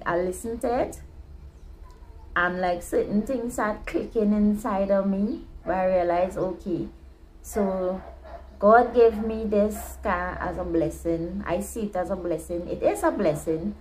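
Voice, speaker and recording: A woman's voice: mid-range voice, measured pace, a little mellow, a little hiss or hum, low-quality recording. A woman earnestly telling a personal story, venting her frustrations and talking about her faith. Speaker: vlogger. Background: neighborhood dogs barking.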